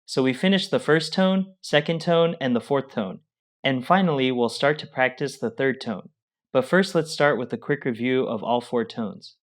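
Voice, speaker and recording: A man co-hosting a lesson, talking in an even, mid-range voice. He explains the steps plainly and offers praise along the way. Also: medium pitch, moderate pace. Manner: encouraging, explanatory. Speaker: co-host of language lesson. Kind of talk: instructional explanation.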